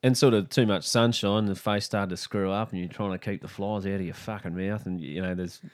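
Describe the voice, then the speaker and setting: Deep low aussie bloke, middle-aged comic guest, dry wry storytelling, swears a bit. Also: male voice, steady tone, fairly quick. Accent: Australian. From Australia. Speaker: podcast guest, comedian. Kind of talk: casual chat.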